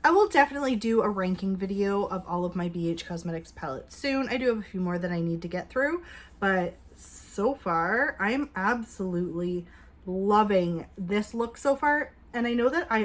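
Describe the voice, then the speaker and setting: A woman vlogging a casual makeup review at home, chatty and upbeat, with hushed asides while she applies. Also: mid-range voice, moderate pace. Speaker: beauty vlogger.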